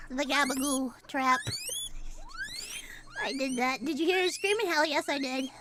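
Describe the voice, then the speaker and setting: A young woman chats loosely with her stream audience in a very high, slow, unhurried voice. She swears freely and breaks into loud laughter all the time. Steady background noise sits under her mic. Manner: profane, rambling, laughs often and loudly. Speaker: streamer and voice actor. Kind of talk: casual live-stream chat.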